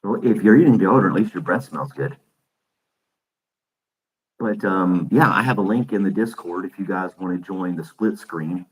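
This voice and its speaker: Deep voiced guy hosting his own stream, rambles and laughs a lot, talking into a desk mic. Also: normal speed, rough recording. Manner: rambling, chuckles often. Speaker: podcast host. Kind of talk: casual live-stream chat. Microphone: desk microphone.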